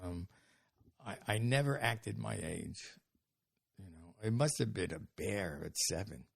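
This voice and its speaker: Gravelly seventy-something man telling stories. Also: lowish voice, animated, unhurried. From New York. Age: 70s. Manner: rambling, self-amused anecdotes. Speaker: comedian guest. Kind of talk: casual storytelling interview.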